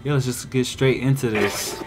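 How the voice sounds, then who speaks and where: A man hosting a casual let's-play, reacting with jumpy, excitable exclamations. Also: medium pitch, moderate pace, very noisy. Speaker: gaming video host.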